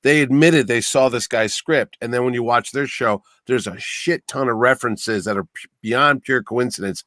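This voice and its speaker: A man's voice: mid-range voice, moderate pace, fairly bright tone, no echo, studio quality. A man co-hosting a casual podcast, telling anecdotes in a chatty way and acting out quotes. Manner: chatty, storytelling with acted-out quotes. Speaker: podcast co-host.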